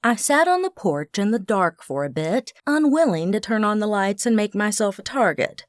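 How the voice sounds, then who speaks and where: Woman audiobook narrator, animated lilt, wry, expressive, close dry studio sound. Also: medium pitch, moderate pace, dry recording. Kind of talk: first-person audiobook narration.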